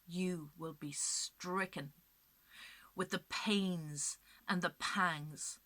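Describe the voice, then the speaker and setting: A woman storyteller voicing a heavily pregnant magical woman who pleads for mercy and curses slowly. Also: lowish voice, steady tone, no echo, full character voice. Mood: cursing. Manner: pleading, then cursing in a slow, hushed voice.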